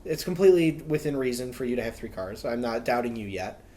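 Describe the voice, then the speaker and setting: A man's voice: medium pitch, lively intonation, quick pace, warm tone. A young man co-hosting a podcast, telling rambling stories in casual chat, heavy on fillers like "like". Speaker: podcast co-host.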